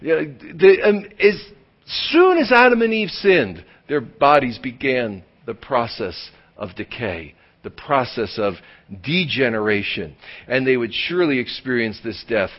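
A man preaching a sermon as pastor, swinging from loud emphatic lines to hushed near-whispers and drawing key words out slowly. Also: medium pitch, very animated. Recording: dull lo-fi sound.

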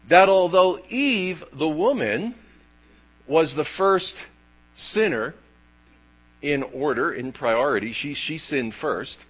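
A man preaches with emphatic, animated delivery, piling up rhetorical questions. His voice sits somewhat high and swings widely in pitch. The recording is dull and lo-fi. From United States. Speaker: pastor. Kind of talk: sermon.

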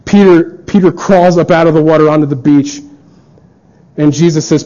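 At a normal speed and steady tone, an earnest preacher speaks in a fairly high, mellow male voice. His sermon includes acted-out quoted dialogue, and the audio sounds dull and lo-fi.

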